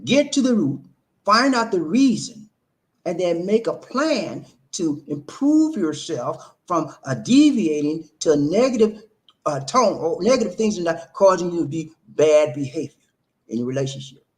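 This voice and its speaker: A man's voice: fairly high pitch, big pitch swings, normal speed. A man, hosting an emphatic, preachy monologue on relationships, full of repetition and rhetorical questions. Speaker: relationship talk host.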